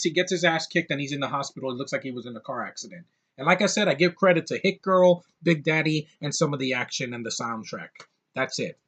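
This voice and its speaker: A man's voice: on the high side, fairly bright tone. Blunt, sarcastic man ranting. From United States. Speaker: movie reviewer. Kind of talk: ranting movie review.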